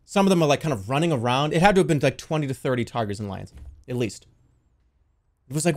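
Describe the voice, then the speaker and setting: Young guy rambling thru a crazy dream story, swears a ton, voice kinda higher, keeps yelling out the panicky bits. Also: lively intonation, fast talker. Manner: rambling, swears a lot, restarts, jumps into loud panicked quotes. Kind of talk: casual storytelling, recounting a dream.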